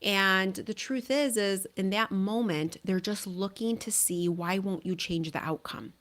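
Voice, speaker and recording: A woman's voice: mid-range voice, a little slow, fairly bright tone. A middle-aged woman hosting a parenting podcast, giving earnest, conversational advice and often checking in with "right?". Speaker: parenting coach and podcast host. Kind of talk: solo podcast advice talk.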